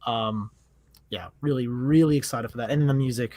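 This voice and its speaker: A man's voice: mid-range voice, moderate pace, a little mellow, dry recording. A man talking casually as a podcast guest, rambling with plenty of fillers and enthusiasm.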